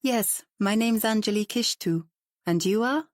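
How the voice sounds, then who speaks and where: A woman voicing a soft-spoken, hesitant young woman designer with a French-tinged accent, in a storybook reading. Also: mid-range voice, a little slow, no echo, clean studio sound, pitched above the performer's own voice, close to an everyday voice. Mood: pleased.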